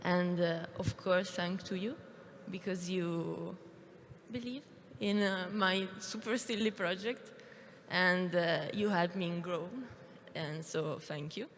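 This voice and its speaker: A woman's voice: on the low side, steady tone, a little hiss or hum. Nervous young woman on stage. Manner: hesitant, many fillers, halting. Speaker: animation student presenter. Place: stage in a large hall. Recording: long hall reverb.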